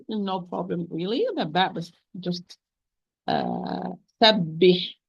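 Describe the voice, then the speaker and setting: Patient woman teaching recitation, lo-fi audio. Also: medium pitch. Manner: patient, repeats corrections, slow demonstrations. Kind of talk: online recitation lesson.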